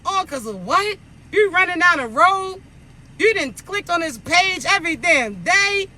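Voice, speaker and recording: A man's voice: very high-pitched, very animated, unhurried, sharp tone. A man giving a casual spiritual pep talk in a blunt, profane, scolding manner. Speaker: spiritual content creator.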